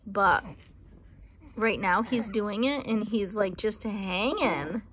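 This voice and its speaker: A woman's voice: unhurried, a bit bright, slight background noise. A young woman filming her baby at home, chatting about his day and slipping into giggly baby talk. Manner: high sing-song baby talk, giggly.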